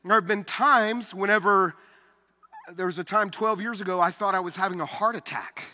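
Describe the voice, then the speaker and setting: A middle-aged male pastor preaches with an earnest, confessional delivery, restarting his sentences as he goes and slightly short of breath. His voice sits high for a man and rings very bright and forceful. It carries a long reverb from a large church hall. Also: normal speed. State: slightly out of breath from carrying a heavy backpack. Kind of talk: sermon. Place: church sanctuary.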